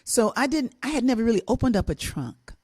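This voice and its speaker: Older lady, co-host, telling a story, voice jumps all over, acts out everyone in it, kinda high pitched. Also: quick pace, slightly rough. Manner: animated, laughing, acts out voices in her story. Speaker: co-host and musician. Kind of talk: storytelling on a talk show.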